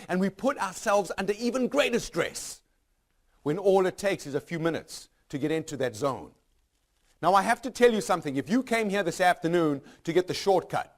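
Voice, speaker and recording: A man with a high voice gives an unscripted motivational speech to a live audience. He talks emphatically, stacks short repeated lines, and keeps asking the room rhetorical questions. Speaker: motivational speaker.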